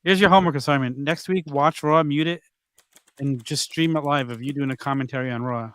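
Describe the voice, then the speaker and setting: A man's voice: medium pitch, fairly even intonation, a little fast, fairly bright tone, clean tone, no room sound. A man co-hosting a podcast in casual chat, enthusiastic and teasing as he heaps praise. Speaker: podcast co-host.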